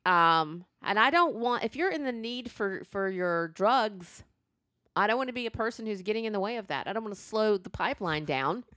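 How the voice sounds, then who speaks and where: A woman's voice: mid-range voice, lively intonation, normal speed, a bit bright, no room sound. Brief: woman podcast host, casual, laughing storyteller, dry close mic. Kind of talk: casual chat.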